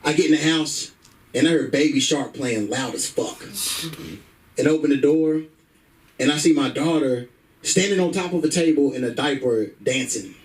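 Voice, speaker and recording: A man doing stand-up with a brash, profane storytelling style. His voice sits a little higher than most men's, and he speaks into a stage microphone at a comedy club. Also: moderate pace, far from the mic, a little hiss or hum, poor audio.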